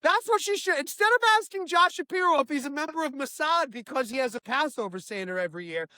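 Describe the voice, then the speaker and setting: A woman hosting a comedy show, chatting in an animated, jokey way. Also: a little high, dry recording. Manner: animated, jokey, quick to slip into voices. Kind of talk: casual comedic chat.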